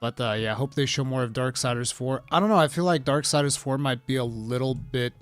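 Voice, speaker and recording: A man's voice: mid-range voice, fairly quick, no echo, soft background music. A man hosting a casual live stream, rambling through gaming news and reading chat aloud. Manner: rambling, reads chat aloud, bursts of laughing excitement.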